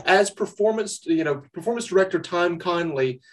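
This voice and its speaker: A man with a somewhat higher voice hosts a relaxed podcast interview. He is playful, firing off light questions and word games at his guest. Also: moderate pace. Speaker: podcast co-host.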